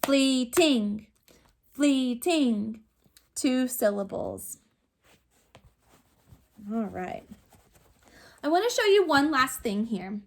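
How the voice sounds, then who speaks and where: With a slightly high, very animated voice, a female teacher leads young kids through an online phonics lesson. She patiently breaks words into sounds, prompting them one step at a time.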